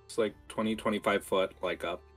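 A man running a tabletop game as game master, talking in a lively, rambling way with fillers. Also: lowish voice, a little fast, faint music behind.

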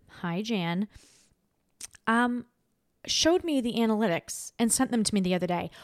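Young woman podcast host, casual chaotic monologue, dry close mic, mid-range voice with big swings. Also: no room sound. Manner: chatty and chaotic, self-interrupting, dramatic swings of pitch and volume.

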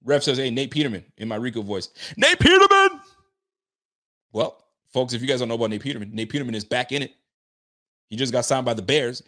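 A man hosting a casual sports talk show, speaking in an animated, slang-heavy way, answering chat comments and riffing on the roster. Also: mid-range voice, quick pace. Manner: animated, slangy, talks straight to listeners. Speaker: sports podcast host.

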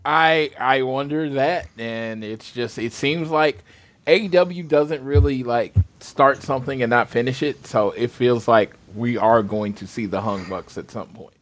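A man's voice: mid-range voice, a little slow. A man co-hosting a wrestling podcast, talking casually and correcting himself as he thinks aloud. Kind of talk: casual show recap chat.

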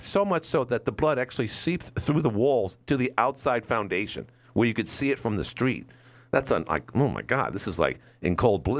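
Middle-aged male radio host, lively rambling storyteller, varied pitch. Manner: rambling storyteller, acts out quotes. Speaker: radio talk show host. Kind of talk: casual call-in radio talk.

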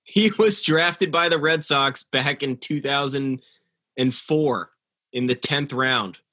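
A man's voice: mid-range voice, slow, pushed and bright. A man co-hosting a sports podcast, laid-back and sardonic, chuckling as he chats. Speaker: podcast co-host. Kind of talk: casual sports podcast chat.

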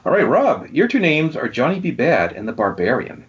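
On a podcast, a man runs a casual wrestling trivia quiz, reading out names and answers with lively energy. His mid-range voice moves at a moderate pace and carries a breathy edge, and the recording has a dull lo-fi sound.

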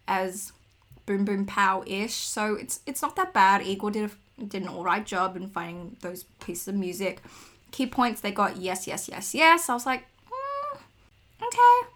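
A young woman with a mid-range, slightly bright voice co-hosts a podcast. She chats casually about figure skating, dropping opinionated asides along the way.

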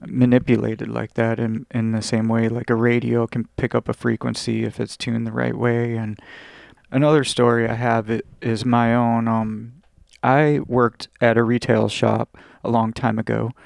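A man's voice: mid-range voice, gravelly, dry recording, clean studio sound. A man hosting a podcast, telling a personal story in a rambling, casual way full of "like" and restarts. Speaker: podcast host.

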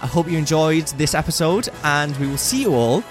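A man's voice: a little high, lively intonation, brisk, faint music behind. A young man co-hosting a podcast in casual, rambling chat, laughing often. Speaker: podcast co-host.

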